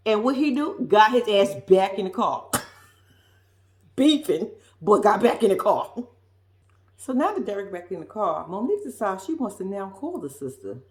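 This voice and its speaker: A woman's voice: mid-range voice, big pitch swings, normal speed, a little mellow, reverberant. Sassy profane woman recapping reality TV. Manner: blunt, profane and sassy, acting out quotes in exaggerated voices. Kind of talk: casual reaction commentary.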